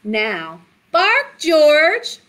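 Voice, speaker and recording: A woman voicing a firm mother dog in a children's storytime, scolding her pup gently and insistently. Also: sits high, wildly swooping pitch, extremely slow, voice pushed up, exaggerated voice.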